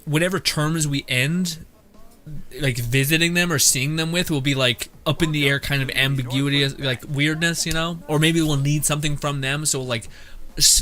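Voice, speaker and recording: A man's voice: a little high, a bit bright. A man streaming a video game, rambling in loose, profane commentary and laughing often. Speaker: gaming streamer. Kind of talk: let's-play commentary. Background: faint game music.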